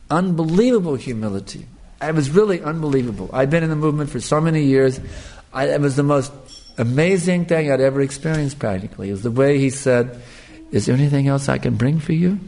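Older male preacher, mid-pitched, earnest storytelling talk. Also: darkish tone. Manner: earnest, storytelling, repeats himself with restarts. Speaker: devotional speaker. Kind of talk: sermon with personal stories.

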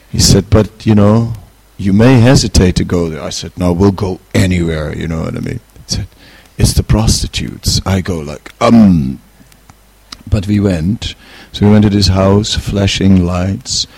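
A middle-aged man giving an informal spiritual talk, relaxed and hesitant, chuckling as he tells a personal story. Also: low-pitched, gravelly, no room sound. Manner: relaxed, hesitant, chuckles while telling stories. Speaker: spiritual teacher.

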